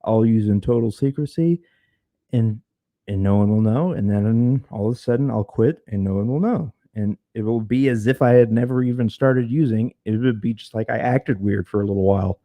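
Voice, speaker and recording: A man's voice: lowish voice, moderate pace, dark tone, dry recording. Frank, cursing man telling a story. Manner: frank, profane, repeats words when starting. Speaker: podcast guest. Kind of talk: casual storytelling.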